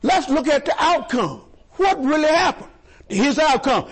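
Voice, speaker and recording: A man preaching a sermon, animated and repetitive, asking the congregation questions and stumbling over words. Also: very high voice, measured pace. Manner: animated call-and-response preaching, repeats and stumbles.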